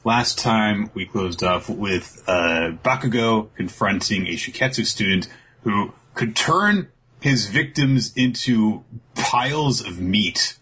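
Man, very deep voice, bright tone, hoarse edge, casual recap chat. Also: expressive, slow, poor audio. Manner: hesitant, many uh and um fillers. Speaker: podcast co-host recapping a manga chapter.

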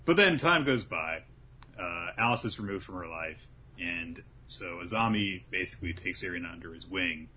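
A man's voice: low-pitched, animated, normal speed, bright, forceful tone, slight background noise. A man hosting a casual podcast, animatedly retelling a story and acting out the quotes. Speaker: podcast host.

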